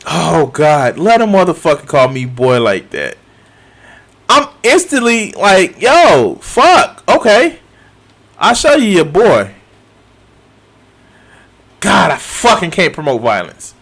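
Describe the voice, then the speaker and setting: A man in his thirties reacts to a video as a streamer, swearing freely and looping back over his words. His pitch rises and falls a lot, and he speaks at an unhurried pace with a slightly high voice. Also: wildly swooping pitch, creaky, a bit bright. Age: 30s. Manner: swears often, laughs and repeats himself. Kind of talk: casual profane reaction commentary.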